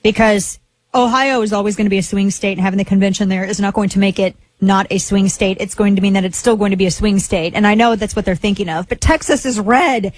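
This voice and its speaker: A woman's voice: medium pitch, fairly even intonation, fast talker, a little mellow, no echo. A woman hosting a talk radio show, chatting casually in a rambling, playful way with lots of asides.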